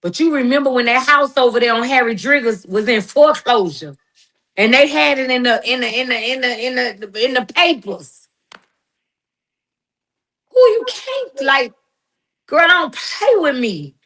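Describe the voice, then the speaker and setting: A woman's voice: high-pitched, animated, moderate pace, a bit bright. Fiery woman calling someone out. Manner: emphatic, confrontational, preachy with slang. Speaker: guest responding to critics. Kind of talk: heated personal monologue.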